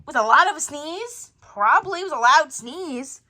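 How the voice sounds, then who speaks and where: Telling a playful family story, a woman jumps between many character voices in a lively role-play. She has a high-pitched, bright, forceful voice with lively intonation at a moderate pace, recorded cleanly in the studio with no room sound.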